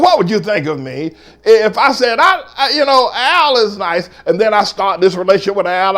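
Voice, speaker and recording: High-voiced emphatic male pastor. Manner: emphatic, repetitive, swings from loud to low and scornful. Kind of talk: sermon.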